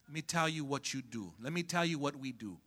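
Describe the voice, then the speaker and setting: A man preaching a sermon as pastor, calling out to the congregation to respond and rising to shouts at the peaks. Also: fairly high pitch, lively intonation, a little fast. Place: church sanctuary.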